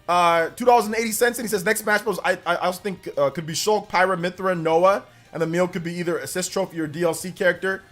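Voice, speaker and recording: High-voiced young man telling stories on stream. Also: steady tone, fast, few pauses, fairly bright tone, soft background music. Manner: rambling storyteller, reads out donations. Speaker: livestream host. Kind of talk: casual livestream chat.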